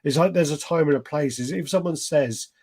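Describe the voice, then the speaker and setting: A man's voice: fairly high pitch, fairly quick, a little mellow, breathy edge. A man hosting a podcast, telling rambling stories with swearing and frequent restarts. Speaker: podcast host. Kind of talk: casual chat.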